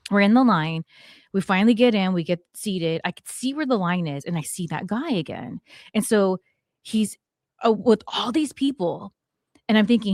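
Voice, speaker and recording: A woman in her forties hosting a talk show, telling a story in a lively way and acting out what people said. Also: medium pitch, normal speed, dry recording, studio quality. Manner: animated, acts out quotes, swears it is true. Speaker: podcast host. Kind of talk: storytelling chat.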